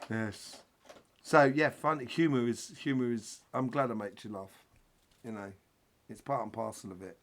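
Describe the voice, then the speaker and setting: A man's voice: mid-range voice, normal speed. A man hosting a live spiritual Q&A, talking in a rambling, chatty way with jokes. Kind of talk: casual live-stream talk.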